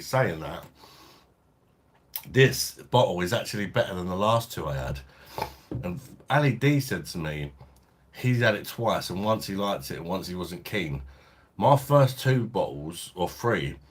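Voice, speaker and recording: Laid-back deep-voiced man. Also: breathy edge. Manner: chatty, laid-back, reading out viewer comments. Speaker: beer review livestream host. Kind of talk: casual live-stream chat.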